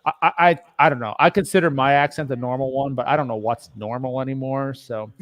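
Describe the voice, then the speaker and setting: A man's voice: mid-range voice, fairly even intonation, fast, fairly bright tone, dry recording. Rambling Canadian man, casual chat. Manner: rambling, hesitant, trails off with fillers and laughs. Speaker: podcast co-host.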